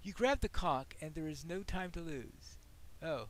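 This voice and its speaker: High-voiced man chatting through gameplay. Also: animated, a little slow. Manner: chatty, reacting aloud, muttering. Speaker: gameplay commentator. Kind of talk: casual let's-play commentary.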